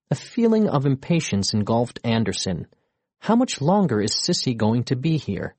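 Expressive male storybook narrator. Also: medium pitch, moderate pace, breathy edge, no room sound.

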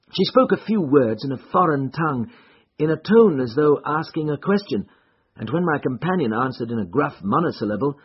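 Male audiobook narrator, husky tone, steady deliberate storytelling, dull lo-fi sound. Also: mid-range voice.

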